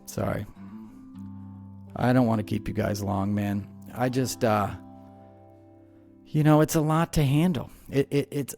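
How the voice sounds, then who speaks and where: A man's voice: medium pitch, measured pace, creaky, pauses often, darkish tone, faint music behind. A man hosting a podcast, ranting heatedly about politics with many restarts and repeated words. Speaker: podcast host. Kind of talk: angry political commentary.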